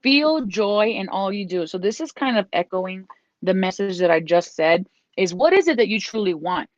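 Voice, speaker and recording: A woman's voice: medium pitch, lively intonation, moderate pace, no room sound. A woman giving a casual tarot reading. She is encouraging and repeats herself, and now and then she breaks off to scold her dog. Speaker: tarot reader. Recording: dull lo-fi dry recording.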